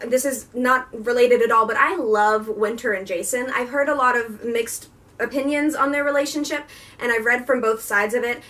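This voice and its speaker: A woman's voice: a little high, a bit bright, far from the mic. A young woman vlogging a casual, gushing and emotional book review.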